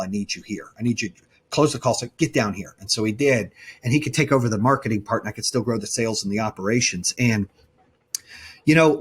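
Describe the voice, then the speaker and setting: A man's voice: medium pitch, slightly rough. A man being interviewed as a company founder, telling his story in a blunt, emphatic way and often correcting himself mid-sentence.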